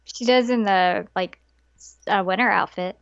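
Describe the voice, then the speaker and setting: A woman co-hosting a podcast, relaxed and chiming in with short reactions in casual chat. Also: mid-range voice, normal speed, vocal fry, clean tone, no echo. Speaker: podcast co-host. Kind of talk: casual chat about an anime episode. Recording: dull lo-fi dry sound.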